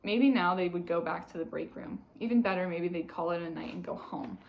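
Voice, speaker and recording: A woman reading a novel aloud in calm, even narration. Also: on the low side, fairly quick, vocal fry, poor audio. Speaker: audiobook reader.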